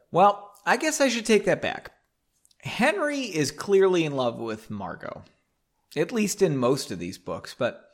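A man's voice: on the high side, fairly bright tone. A man hosting a comic read-along of a book, rambling and sarcastic, often correcting himself as he goes. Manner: rambling, sarcastic, self-interrupting. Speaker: host reading a book aloud.

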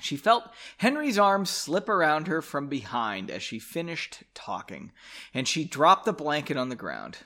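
A sarcastic man reads his own novel aloud, drink in hand, and keeps cutting in to mock it with swearing and self-deprecating jokes. His voice sits a little high and swings widely in pitch. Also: sing-song, unhurried, bright, forceful tone. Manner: sarcastic, profane, self-mocking. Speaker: podcast host reading his own novel. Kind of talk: comic read-aloud with asides.

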